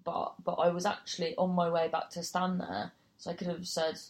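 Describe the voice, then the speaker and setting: A woman's voice: lowish voice, flat delivery, normal speed. A woman comedian telling a gig story casually, swearing freely and acting out other people's voices. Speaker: comedian and compere.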